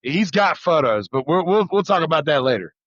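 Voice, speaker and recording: A man's voice: a little high, very animated, brisk, a bit bright, dry recording, lo-fi sound. A man hosting a live trucking stream, laughing often, egging on his guest and greeting viewers. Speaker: host.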